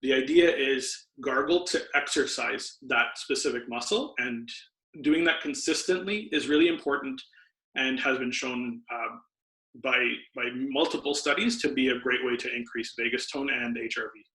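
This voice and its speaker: Bright-voiced man explaining health tips. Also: medium pitch, moderate pace. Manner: patient, explanatory, lecturing tone. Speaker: podcast guest, doctor. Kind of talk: explanatory podcast interview. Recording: roomy echo.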